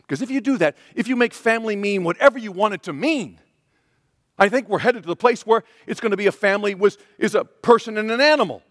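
Male pastor, high voice, emphatic sermon delivery, long hall reverb. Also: lively intonation, fast, a bit bright, clean studio sound. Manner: earnest, emphatic, repeats key phrases.

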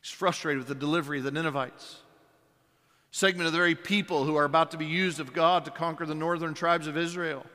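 A man's voice: on the high side, steady tone, quick pace, sharp tone. A man preaching a sermon as pastor, emphatic, with many rhetorical questions and repeated words. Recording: long hall reverb.

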